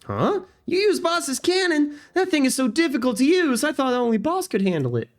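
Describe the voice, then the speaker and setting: A man's voice: very high-pitched, big pitch swings, normal speed, soft background music, pitched above the performer's own voice. A man voicing a cheerful male rock-creature messenger, reading on-screen game dialogue aloud in a raised, bouncy voice. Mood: eager.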